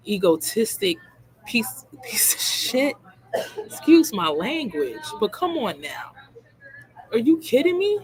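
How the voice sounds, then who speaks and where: Heated woman ranting in blunt reaction. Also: medium pitch. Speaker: true crime livestream host. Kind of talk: reaction commentary on a played clip.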